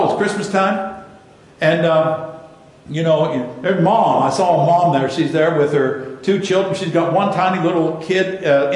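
A male pastor preaching a sermon in a conversational way, repeating words and asking the congregation questions. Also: high-pitched. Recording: very echoey room.

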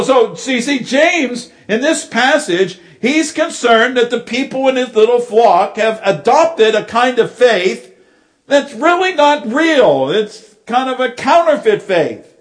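A middle-aged man preaching a sermon as pastor, telling stories and repeating words as he builds his points. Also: high-pitched.

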